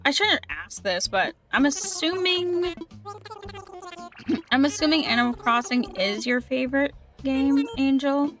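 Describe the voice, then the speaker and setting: A woman's voice: high voice, animated, slow pace, a bit bright, faint music behind. A woman gaming streamer chatting casually with her livestream, reading chat aloud and often repeating herself.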